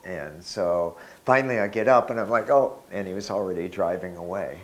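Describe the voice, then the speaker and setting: A low-voiced man in his sixties shares a personal spiritual story, unhurried and reflective, with soft laughs throughout.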